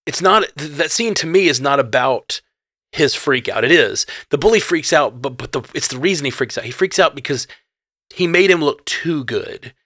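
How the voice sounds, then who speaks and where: A man co-hosting a casual chat, gushing and excitable, full of fillers and restarts. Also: a little high, normal speed, no room sound, clean studio sound. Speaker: podcast co-host. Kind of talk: casual movie discussion.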